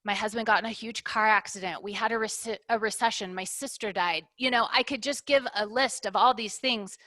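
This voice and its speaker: Bright-voiced woman business owner, dry sound. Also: mid-range voice, brisk, dry recording. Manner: reflective, uses analogies, ends points with "right?". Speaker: business owner, interview guest. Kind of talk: candid conversational interview.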